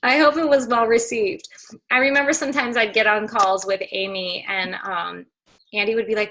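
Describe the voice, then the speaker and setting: Slightly high-voiced woman hyping up her team on a video call, chatty and excited. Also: brisk, low-quality recording. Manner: upbeat, excitable, chatty with fillers. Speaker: team coach leading a group call. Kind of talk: casual pep talk on a video call.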